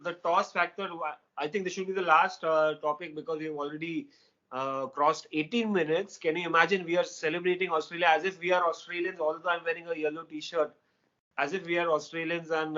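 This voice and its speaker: A man with an Indian accent co-hosting a casual cricket chat, excitable and laughing, slipping into Hindi. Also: fairly high pitch, dull audio. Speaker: co-host.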